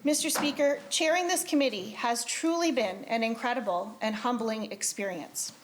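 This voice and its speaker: A woman's voice: on the high side, moderate pace, a little hiss or hum. A woman presenting a committee report in a legislature, reading in a formal, earnest way. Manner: earnest, grows emotional. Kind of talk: formal legislative speech, read aloud. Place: legislative chamber.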